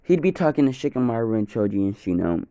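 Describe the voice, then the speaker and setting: A man's voice: mid-range voice, sing-song, quick pace, warm tone, no echo, dull audio. A young man narrating an improvised first-person fan story, rambling, correcting himself and swearing casually.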